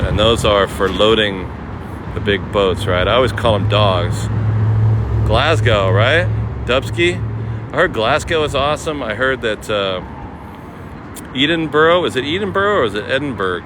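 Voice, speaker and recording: A man hosting a casual live-stream walking tour outdoors, chatting to viewers and greeting them by name. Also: on the low side. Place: outdoors on a city waterfront promenade. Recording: outdoor city noise with traffic.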